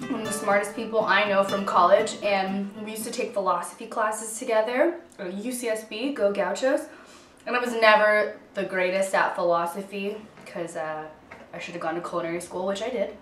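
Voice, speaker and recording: A woman's voice: medium pitch, steady tone, normal speed. A woman in her twenties giving a chatty, upbeat cooking demonstration in her kitchen, joking about herself as she goes. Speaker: home cook. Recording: roomy kitchen audio from a distance with faint guitar music.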